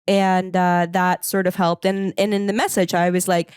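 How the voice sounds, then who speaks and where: Lively woman chatting on a podcast. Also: on the low side, moderate pace, smooth, no echo, clean studio sound. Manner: animated, laughs easily. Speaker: podcast guest. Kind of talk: casual podcast conversation.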